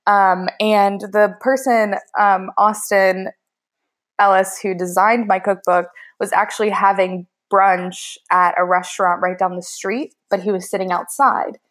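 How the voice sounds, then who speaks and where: A woman's voice: mid-range voice, a little slow. A woman baker, a podcast guest, telling a story casually with lots of laughter and fillers. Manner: animated, laughing, many fillers like "like" and "um". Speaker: baker and cookbook author guest.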